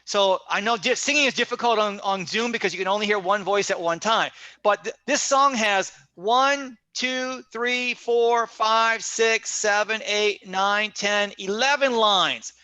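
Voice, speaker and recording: A man with a high, bright voice leads an online teaching workshop over a video call. He talks in a casual, conversational way, circles back to repeat his points, and keeps checking in with his listeners. The sound is close and dry. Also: a little slow, dry recording. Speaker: teacher trainer.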